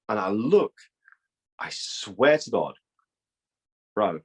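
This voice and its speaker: A young man tells a long tale in loose, swearing chat. His voice sits a little low, and he slips into the voices of the people he quotes. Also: takes it slowly, slightly rough. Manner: profane, animated, acts out quoted dialogue. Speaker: guest. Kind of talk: casual storytelling.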